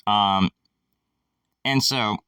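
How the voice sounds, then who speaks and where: A man's voice: on the low side, extremely slow, bright, forceful tone, smooth, no room sound, studio quality, recorded from a distance. A man hosting a casual monologue, rambling, sarcastic and irreverent, swearing freely.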